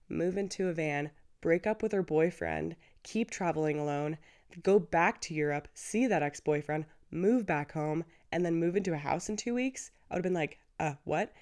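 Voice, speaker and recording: A woman in her twenties hosts a casual solo podcast in a mid-range, slightly mellow voice. She is chatty and effusive and laughs often.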